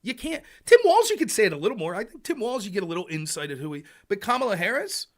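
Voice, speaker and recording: A man's voice: high-pitched, fast talker. A man hosting a political livestream, talking casually and acting out quotes in other voices. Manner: animated, loose and casual, acts out quotes. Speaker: livestream host. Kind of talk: political talk.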